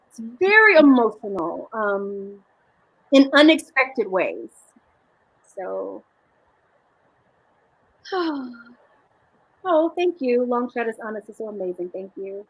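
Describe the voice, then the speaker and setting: A woman's voice: a little high, sing-song, takes it slowly, pauses often, a bit bright, rough recording. A woman author telling stories with animation and many restarts in a live video chat. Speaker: author guest.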